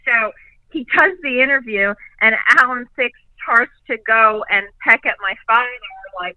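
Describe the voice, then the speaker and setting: A woman telling stories as a guest on a video call, animated and profane, laughing often. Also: fairly high pitch, normal speed, no room sound, narrow, tinny audio. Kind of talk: casual storytelling chat.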